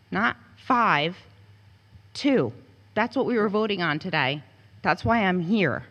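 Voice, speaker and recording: A woman in her thirties, a working parent and business owner, complaining indignantly to a school board. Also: fairly low pitch. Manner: indignant, rising to anger. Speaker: parent and business owner giving public comment. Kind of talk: public comment at a board meeting. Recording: dull audio with long hall reverb.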